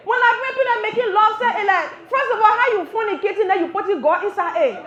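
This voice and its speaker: A woman from Liberia with a Liberian English accent doing animated live stand-up comedy, acting out voices as she goes. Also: extremely high pitch, quick pace, hardly any pauses. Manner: animated, acts out voices, laughs through lines. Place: cafe stage with live audience. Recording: roomy, dull live venue recording.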